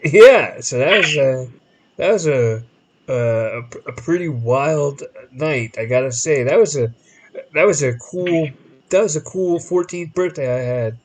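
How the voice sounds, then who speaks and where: On a low-quality recording, a male podcast host with a voice on the high side speaks at a measured pace. His long, casual story is animated, with the quoted people acted out in varied voices, and he rambles with many restarts.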